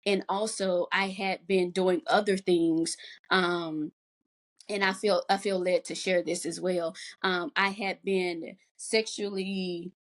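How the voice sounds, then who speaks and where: A young adult woman, a podcast guest, openly telling a raw personal story with reflective pauses. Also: lowish voice, steady tone. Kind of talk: personal testimony in a podcast conversation.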